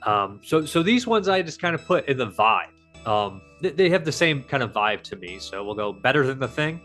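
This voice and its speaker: A man's voice: medium pitch, sing-song, moderate pace, fairly bright tone, soft background music, low-quality recording. A man hosting a casual conversation, chatting loosely and quizzing his guest. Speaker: podcast host.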